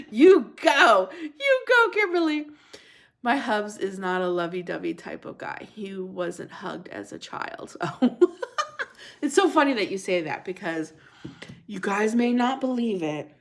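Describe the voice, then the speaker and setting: A woman's voice: mid-range voice, sing-song, a little slow. A middle-aged woman hosting a casual livestream, chatting and laughing as she reacts to viewer comments.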